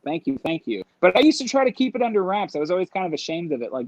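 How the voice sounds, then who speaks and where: A man telling a story in casual conversation, animated, acting out voices and laughing as he goes. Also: high voice, racing, no room sound, lo-fi sound. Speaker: guest.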